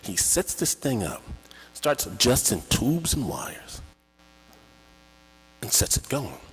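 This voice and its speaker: A man telling a personal story live, in an animated, theatrical and conversational way, with a slightly husky voice. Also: medium pitch, slow, soft background music. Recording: echoey hall with long reverb.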